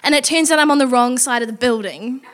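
Woman storyteller at a live show; high, bright, animated. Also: fast talker, slight background noise. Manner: animated, acts out her own and others' lines.

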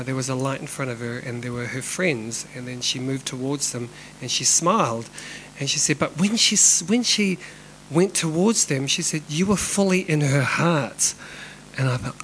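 A man's voice: medium pitch, normal speed, a bit bright, a little hiss or hum, low-quality recording. A middle-aged man, telling a personal story in a candid way, swearing freely and sometimes dropping to a whisper. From New Zealand. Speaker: dance company director telling a personal story.

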